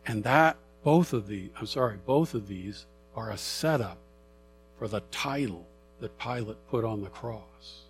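A middle-aged man preaching a sermon, conversational and animated as he reads and explains scripture. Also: fairly low pitch, unhurried, a little hiss or hum. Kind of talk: sermon Bible teaching.

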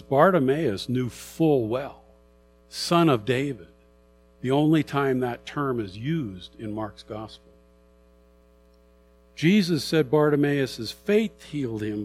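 A middle-aged man preaching a sermon, conversational and animated as he reads and explains scripture. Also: medium pitch, a little slow, soft background music. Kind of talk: sermon Bible teaching.

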